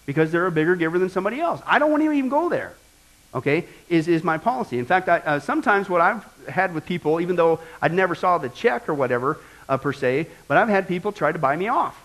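A man's voice: high-pitched, big pitch swings, fast talker, fairly bright tone, low-quality recording. A middle-aged male pastor preaching in a casual, storytelling way, full of rhetorical questions and asides. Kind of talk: conversational sermon.

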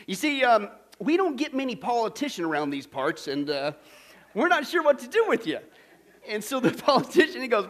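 Delivering his sermon fairly quickly, this pastor has a very high-pitched male voice. He's lively, tells a joke amid laughter, and keeps asking the congregation questions.

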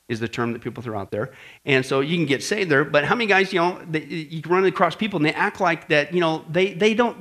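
Pastor, male, slightly high voice, casual teaching sermon, plays out quotes. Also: a bit bright. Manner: conversational, asks the audience questions, acts out quoted voices. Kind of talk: sermon-style Bible lesson.

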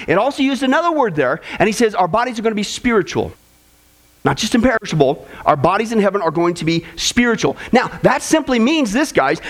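A man preaching a sermon to a congregation, telling jokes and stories in an animated way. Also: sits high. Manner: animated, joking storyteller. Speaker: pastor. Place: church before a congregation.

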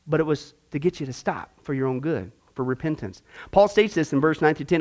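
A man's voice: on the high side, brisk, few pauses, a little mellow. A man teaching a discipleship Bible class, asking rhetorical questions and acting out little voices as he goes.

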